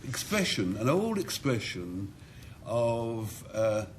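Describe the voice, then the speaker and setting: A man drawls out a playful bluff very slowly, lingering on each word with a giggle, his pitch swooping widely. He sounds a little off the mic in a noisy 1980s TV studio. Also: sing-song. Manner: slow, relishing, giggly, drawn out. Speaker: team captain on a panel game.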